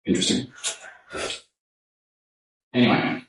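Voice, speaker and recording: A man in casual chat, relaxed and jokey while he works. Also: slow pace, distant mic. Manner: relaxed, chatty, jokey asides. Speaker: tattoo artist. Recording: echoey room, off-mic.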